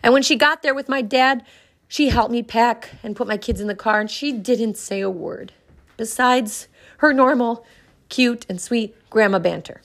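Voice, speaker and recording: Speaking with fairly high pitch, a thirty-something woman hosting a podcast tells a personal story. Her delivery is sincere and thoughtful, punctuated by dramatic pauses.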